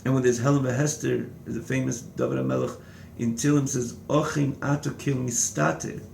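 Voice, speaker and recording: A man's voice: medium pitch, fairly even intonation, a little fast, gravelly, a little mellow, slight background noise. A man giving a text-study lecture as a Torah teacher, reading a phrase and then translating and restating it in several words. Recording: echoey room.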